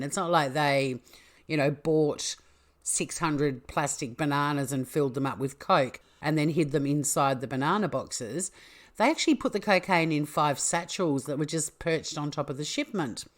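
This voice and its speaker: Australian woman host, casual storyteller, low voice, playful asides. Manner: chatty, jokey, with asides. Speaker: podcast host.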